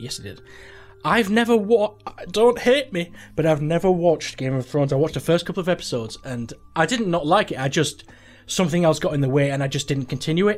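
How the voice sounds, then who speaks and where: A young man hosting a gaming channel, commenting casually and sweary as he plays a quiz game, thinking aloud in disbelief. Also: a little high.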